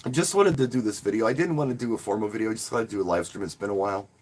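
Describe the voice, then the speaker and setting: A man's voice: on the low side, very fast, a little mellow. A man who works as a wedding DJ, casually talking to viewers on a live stream in a rambling, friendly way and often restarting his words. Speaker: wedding DJ and channel host.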